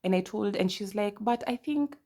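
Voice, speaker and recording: A woman from Kenya with a Kenyan accent, in her thirties, hosting a casual podcast and telling stories with lively asides. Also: medium pitch, normal speed. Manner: chatty, animated storytelling with asides and quoted dialogue. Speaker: podcast host. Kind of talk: casual personal monologue.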